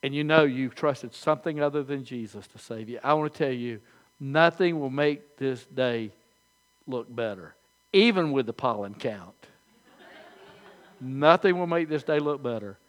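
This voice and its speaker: An older man preaching a sermon as pastor, telling folksy stories with animated, halting restarts. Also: mid-range voice.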